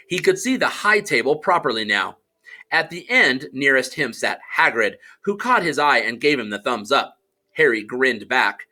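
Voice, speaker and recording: A man narrating an audiobook in an expressive storytelling manner and voicing the characters. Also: mid-range voice. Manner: animated storytelling, does character voices.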